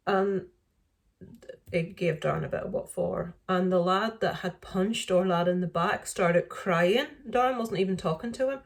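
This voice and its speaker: A woman's voice: lowish voice, unhurried, vocal fry. A middle-aged woman vlogger casually retelling an incident, indignant and full of fillers and restarts. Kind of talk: casual storytelling to camera.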